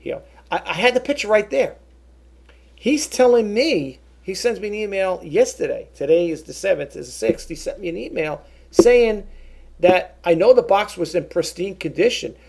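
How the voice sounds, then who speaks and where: His voice is high, animated and slightly rough, with vocal fry and a darkish tone, at normal speed. In a casual vlog, the middle-aged vlogger recounts an indignant tale, rambling and restarting as he quotes both sides of a phone call.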